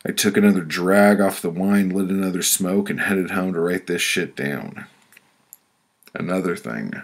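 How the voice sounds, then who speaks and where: Deep gravelly man reading his own prose. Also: normal speed. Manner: blunt, profane, deadpan storytelling. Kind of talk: audiobook reading of prose poems.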